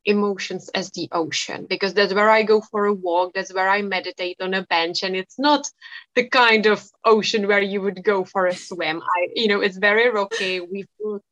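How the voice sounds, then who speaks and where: A woman coach as a podcast guest, talking calmly and reflectively with plenty of "you know". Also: mid-range voice, normal speed, no echo, lo-fi sound. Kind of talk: casual conversation.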